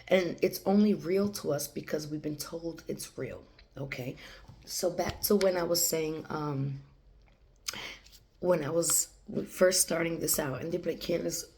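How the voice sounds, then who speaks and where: Speaking to camera at a measured pace, this woman has a low-pitched, darkish voice. She's an adult channeler with a young daughter, and her casual monologue rambles, full of laughter and occasional whispers.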